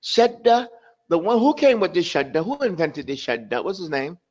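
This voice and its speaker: A man teaching a language class online, with a fairly high voice. He talks emphatically and repeats words again and again to drill pronunciation. The audio sounds dull and lo-fi, as from an online class. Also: very animated, normal speed, a little mellow. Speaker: Arabic teacher.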